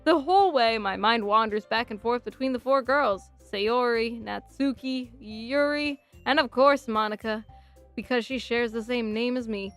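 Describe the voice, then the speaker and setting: Woman streamer playing a game, kinda high voice, giggly and chatty, reads the text out loud. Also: normal speed, faint music behind. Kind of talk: casual let's-play commentary.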